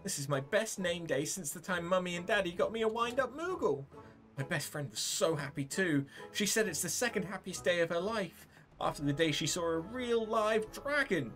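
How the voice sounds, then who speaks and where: A woman's voice: fairly low pitch, lively intonation, normal speed, fairly bright tone, soft background music, pitched above the performer's own voice. A woman voicing an overjoyed little girl who loves dragons, gushing and squealing as she reads game dialogue aloud. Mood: excited.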